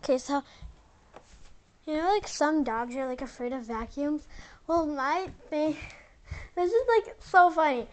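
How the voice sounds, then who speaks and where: A woman's voice: high-pitched, unhurried, pauses often. A young woman from the United States chatting casually at home in a bubbly, rambling vlog, full of "like" fillers. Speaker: vlogger.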